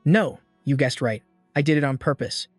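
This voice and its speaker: A man's voice: medium pitch, moderate pace, husky, no room sound, faint music behind, lightly acted. A man voicing a brash young male streamer who talks bluntly and matter-of-factly, in a recap reading.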